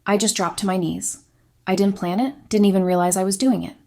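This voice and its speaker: A woman reading a scripted first-person confession in a quiet, subdued, steady way. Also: medium pitch, fairly quick, creaky. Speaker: story narrator.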